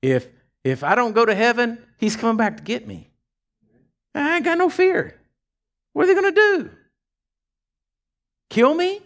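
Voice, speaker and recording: Pastor guy preaching, folksy storytelling, voice way up high. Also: very animated, normal speed, vocal fry, long pauses. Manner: folksy storytelling, swings from hushed asides to shouting. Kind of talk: sermon.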